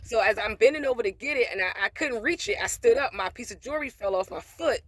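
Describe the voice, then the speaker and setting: A woman's voice: on the high side, expressive, quick pace, no room sound. A woman vlogger telling a personal story in a casual monologue, blunt and profane, with preachy asides about faith.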